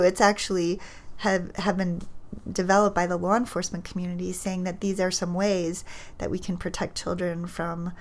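Lady psychologist talking through her study, lowish voice, careful and measured, some ums. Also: steady tone. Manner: thoughtful, measured, with fillers and restarts. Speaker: child psychologist guest. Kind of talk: explaining research in an interview.

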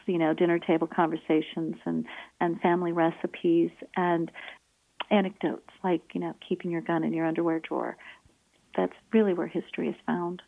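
A woman's voice: fairly low pitch, steady tone, fairly quick, vocal fry. A woman author, earnest and enthusiastic, answering interview questions and reading a passage from her book aloud, over a phone-like line. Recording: dry tinny phone-like line.

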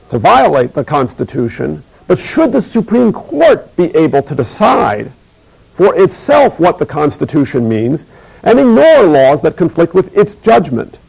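A middle-aged man giving a recorded university lecture, measured and emphatic, slowing to repeat key phrases. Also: medium pitch, gravelly, a little mellow, poor audio.

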